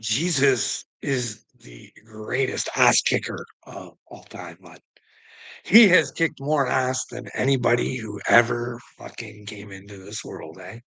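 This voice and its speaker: A man's voice: mid-range voice, slow pace, creaky, sharp tone, husky, dry recording, rough recording. A man livestreaming, talking straight to his chat in a rambling, profane, preachy monologue, chuckling now and then.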